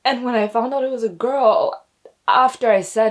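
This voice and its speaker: A woman's voice: mid-range voice, expressive. Emotional young woman vlogging. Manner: emotional, talks slowly, near tears. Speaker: vlogger, expecting mother. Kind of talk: casual storytelling to camera.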